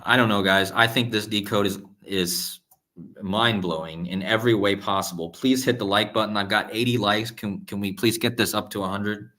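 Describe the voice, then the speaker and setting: A man hosting a numerology video stream talks over a shared screen in a fairly low, steady voice that sounds pushed and bright. He repeats himself constantly, leaning on "okay?" and "guys," and keeps stopping to begin his sentences again, always insistent.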